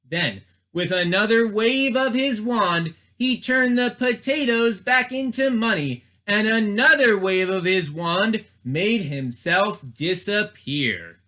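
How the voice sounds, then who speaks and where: A man's voice: sits high, takes it slowly, hardly any pauses, pushed and bright. A man, a children's librarian, reading a storybook aloud expressively and asking the listeners questions.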